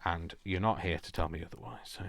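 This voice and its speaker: A man's voice: low voice, a little fast, gravelly, a bit bright. A man chatting casually and rambling with self-mocking asides while he makes a craft journal. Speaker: craft vlogger.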